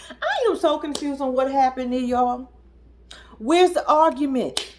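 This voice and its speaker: Animated, incredulous woman reacting. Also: normal speed. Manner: animated, profane, incredulous, mimics people in high squeals. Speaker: reality TV commentator. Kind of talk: casual reaction commentary.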